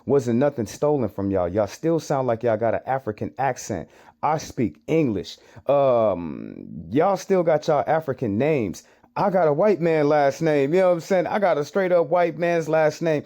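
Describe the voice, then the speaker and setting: American man, commentator, mellow voice, argumentative, repeats himself. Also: on the high side. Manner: rhetorical questions, repeats phrases, argumentative. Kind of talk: reaction commentary on clips.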